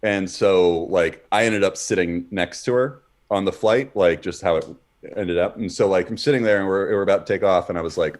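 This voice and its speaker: A man's voice: deep voice, moderate pace. A man co-hosting a podcast, telling rambling, profane stories in casual chat, full of fillers and restarts. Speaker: podcast co-host. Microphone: streamed podcast mic.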